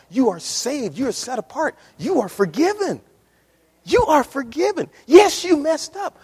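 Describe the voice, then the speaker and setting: A man's voice: high-pitched, dark tone, slightly rough. A man preaching a sermon to his congregation, impassioned and repetitive, often calling out to the church. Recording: reverberant church hall.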